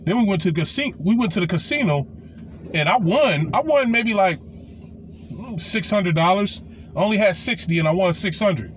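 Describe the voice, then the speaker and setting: In a loose, profane storytime monologue, a forties-aged man recounts a raunchy personal tale at a moderate pace, with lots of fillers and restarts. His voice sits high for a man and swings widely in pitch as he gets animated, over a faint hiss.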